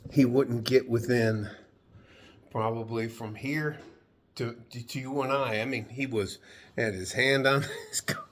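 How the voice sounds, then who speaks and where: A man's voice: mid-range voice, fairly even intonation, a little slow, slight background noise. A man telling a story to the camera in a rambling, casual way, laughing often and swearing now and then. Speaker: vlogger.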